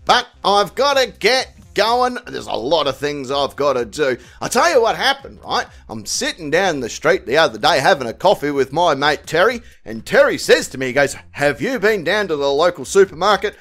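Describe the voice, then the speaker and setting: A man's voice: a little high, big pitch swings, moderate pace, few pauses, fairly bright tone, soft background music. Crude, mocking male commentary host. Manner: crude, mocking, rambling jokes. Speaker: host of a police-video commentary channel. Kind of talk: comedic commentary.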